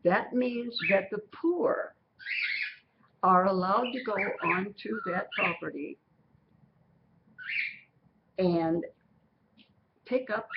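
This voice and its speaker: A woman teaching a Bible study lesson, explaining slowly and repeating key phrases. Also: mid-range voice, vocal fry. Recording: muffled recording with steady background noise.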